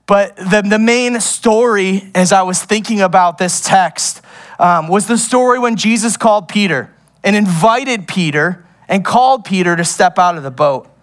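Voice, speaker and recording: Animated high-voiced young male preacher. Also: moderate pace. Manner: animated, laughs often, goes off on tangents. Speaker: pastor. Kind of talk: sermon.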